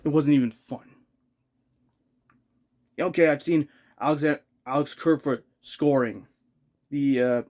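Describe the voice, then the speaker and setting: A man's voice: mid-range voice, a little mellow. A man ranting as a hockey fan in a vlog, exasperated, repeating himself and swearing in rising outbursts.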